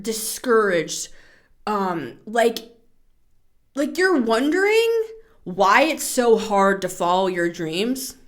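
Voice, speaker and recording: A woman in her thirties hosting a tarot podcast, talking in a casual, chatty way, animated, laughing and swearing freely. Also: fairly high pitch. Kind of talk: casual spoken tarot reading.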